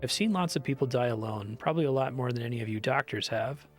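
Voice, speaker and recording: A man voicing a calm, weary male wanderer who speaks softly and gently. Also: medium pitch, fast talker, faint music behind, natural voice. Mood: gentle. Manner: soft, quiet, gentle.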